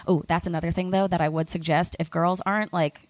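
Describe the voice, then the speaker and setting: A woman's voice: fairly low pitch, fairly even intonation, fast talker, no echo. A young woman hosting a podcast, chatting candidly and casually with many "like"s. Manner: candid, laughing, lots of "like". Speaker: podcast host.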